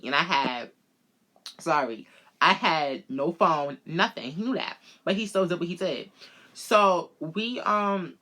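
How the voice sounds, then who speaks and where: A woman vlogger telling a personal story in casual, animated talk, swearing freely and calling her listeners girl. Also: lowish voice. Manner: animated, profane, addresses listeners as girl and bitch.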